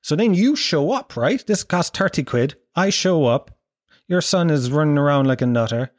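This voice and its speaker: A man's voice: a little high, expressive, moderate pace, no room sound, studio quality. A middle-aged Irish man doing a crude, rambling comedic monologue, acting out voices as he goes.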